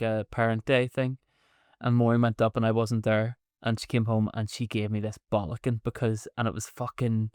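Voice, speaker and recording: A man's voice: medium pitch, smooth, no echo, studio quality. A man in his thirties co-hosting a podcast, telling stories in casual chat with sarcasm and swearing. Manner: sarcastic storyteller, swears freely. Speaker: podcast co-host.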